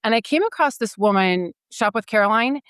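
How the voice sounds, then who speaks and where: A woman in her fifties tells her story as a podcast guest, her voice smooth and resonant. She is casual and animated and acts out the dialogue she recalls, recorded close and dry. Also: a little high, brisk, no echo.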